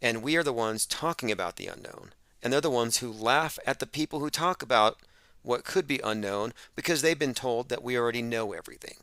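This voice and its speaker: A man's voice: medium pitch, a little fast, a bit bright, dry recording. A man hosting an open-phones radio show, talking in an emphatic, sarcastic monologue.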